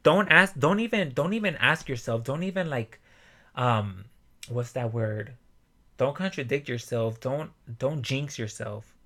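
A young man hosting a motivational podcast alone, swearing a lot and breaking into loud yelling. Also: mid-range voice, unhurried. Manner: profane, animated, bursts into yelling. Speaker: podcast host.

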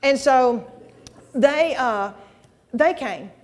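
A woman preaching a testimony sermon to a congregation, folksy and animated, with exclamations and asides. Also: sits high, drawn-out words. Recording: long hall reverb.

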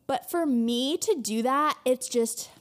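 A woman co-hosting a podcast in casual chat, expressive and reacting with quick exclamations. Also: high-pitched. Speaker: podcast co-host.

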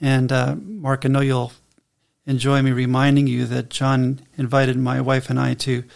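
A man co-hosts a faith podcast in a calm, even-tempered voice at a middling pitch. He reads scripture aloud steadily and explains it in a measured, unhurried teaching manner. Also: creaky. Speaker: podcast co-host and Bible teacher. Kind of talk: casual faith podcast chat.

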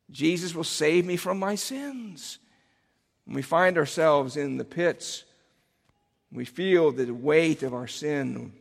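A man preaches in a church sanctuary, his voice sitting a little high for a man. He talks earnestly and rises to emphatic cries on his key phrases. A long hall reverb trails behind each line. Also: creaky, fairly bright tone. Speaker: pastor. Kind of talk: sermon.

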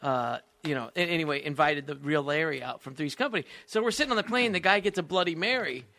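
High-voiced excitable comedian man. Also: quick pace. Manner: excitable, laughs while telling stories. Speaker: comedian guest. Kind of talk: animated anecdote telling.

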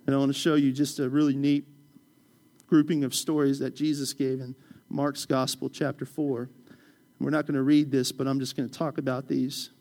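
A man's voice: mid-range voice, level tone, moderate pace, darkish tone. A man preaching a sermon as pastor. He talks conversationally, tells stories and jokes with the congregation. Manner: conversational, storytelling, joking with the congregation.

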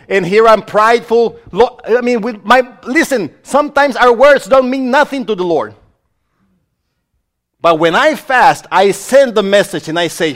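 A male pastor delivers a sermon in a noticeably high voice. He is emphatic and exclamatory and keeps speaking straight to his listeners. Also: lively intonation, unhurried, a bit bright.

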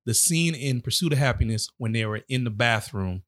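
Forties guy bantering with his cohost, laughs a lot, lively voice going up and down. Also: mid-range voice, brisk. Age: 40s. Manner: laughs often, teasing and playful. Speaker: podcast co-host. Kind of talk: casual chat.

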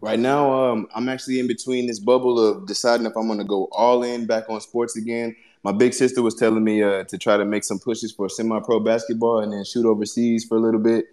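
Low-voiced man speaking reflectively. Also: flat delivery, darkish tone. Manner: reflective, halting, searching for words. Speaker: guest musician. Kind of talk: casual conversation.

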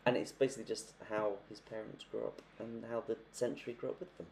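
A man's voice: on the low side, little pitch movement, quick pace, creaky, a little mellow, slight background noise. A young man co-hosting a casual book podcast, chatty and acting out characters as he tells their stories. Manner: chatty, acts out quoted characters. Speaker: podcast co-host.

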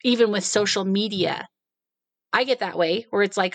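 A woman co-hosting a casual talk show, telling stories with animated, acted-out quotes. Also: mid-range voice, normal speed, gravelly, no echo. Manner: animated, acts out quoted dialogue. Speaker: podcast co-host. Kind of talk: casual conversational storytelling.

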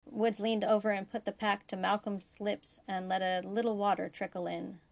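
A woman narrating a science fiction story aloud in a steady, even way. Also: mid-range voice, moderate pace, vocal fry. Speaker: fan fiction reader.

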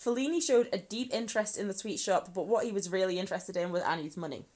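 With a quick pace, medium pitch and a slightly mellow tone, a Scottish-based woman co-hosting a podcast narrates a true crime story. Her delivery is chatty, full of free swearing and frequent laughs.

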